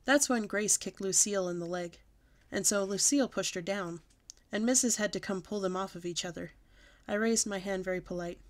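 Woman reading a kids book out loud, lively and childlike, regular pitch. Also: brisk. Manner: lively and childlike in first person. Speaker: storytime reader.

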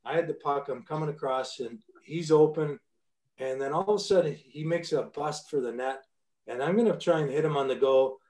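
A man in his fifties tells stories from his playing days as a podcast guest, blunt and profane, with frequent restarts. His voice sits a bit high yet sounds dark and mellow. The room around him is echoey. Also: a little fast. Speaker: guest, former pro hockey player. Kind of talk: casual storytelling interview.

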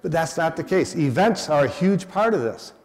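Older man, guest speaker, animated storyteller, slightly high voice, long hall reverb. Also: normal speed. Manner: animated storyteller acting out quoted people. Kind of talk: public talk. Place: event hall.

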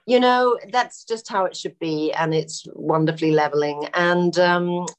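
A middle-aged actress chatting as a podcast guest, telling anecdotes and laughing often. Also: female voice, lowish voice, measured pace. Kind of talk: casual podcast interview.

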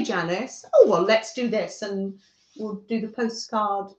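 A woman from northern England who hosts a craft livestream, chatting gently with viewers by name and often laughing as she works. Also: medium pitch, a little slow. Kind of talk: casual chat with live viewers while crafting. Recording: echoey room, dull lo-fi sound.

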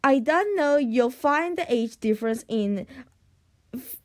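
A woman's voice: high-pitched, lively intonation, takes it slowly. A woman reading aloud from a storybook, voicing a scheming Viking chief who speaks in a smug, gloating way.

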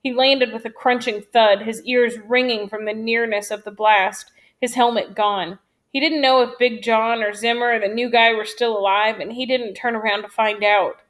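A woman narrating an audiobook in a measured, dramatic storytelling manner. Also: a little high, fairly even intonation, a bit bright.

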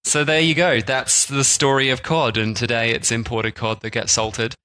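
A man's voice: medium pitch, little pitch movement, moderate pace, sharp tone, poor audio. A man co-hosting a travel podcast, chatting casually with plenty of "like" and restarts. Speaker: podcast co-host. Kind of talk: casual chat.

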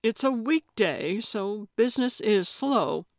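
A woman's voice: medium pitch, expressive, slow pace, no echo, clean studio sound. A woman voicing an old man, terse at times and easily delighted. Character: cheerful old man, theme park fan.

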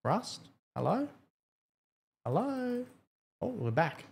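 A man's voice: a little high, animated, measured pace, breathy edge. A young man streaming a game, chatting casually, swearing often, blunt and grumbling between laughs. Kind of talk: casual live-stream chat while gaming.

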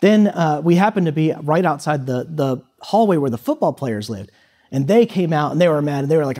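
A man's voice: fairly high pitch, animated, fairly quick, mellow. A man in his thirties giving a talk to students, telling a personal story in a loose, conversational way with many fillers. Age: 30s. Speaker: guest speaker at a high school. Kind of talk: storytelling speech.

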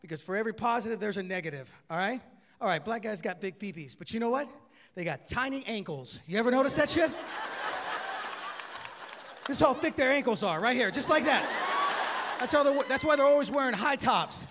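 Brash high-voiced stand-up comedian, live club. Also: male voice, animated, brisk, pauses often. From Mexican-American. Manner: brash, swearing, loud bursts. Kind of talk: stand-up set. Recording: live club recording with hall echo and crowd noise. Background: crowd laughter.

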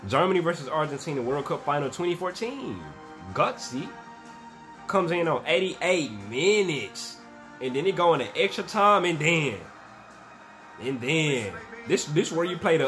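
A young man hosts a reaction video, giving casual, slangy commentary on sports clips at a moderate pace, his slightly high voice climbing and dropping as he gets hyped. He's excitable, shouting and laughing at the highlights, while faint music plays underneath.

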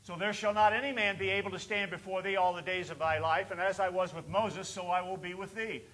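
A man preaches in a church sanctuary with a high, bright voice. He swells into loud exhortation, then drops low and soft to tell a story. It is the sound of a pastor delivering a sermon. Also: fairly even intonation, a little fast. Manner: preaches with rising bursts and quiet storytelling dips.

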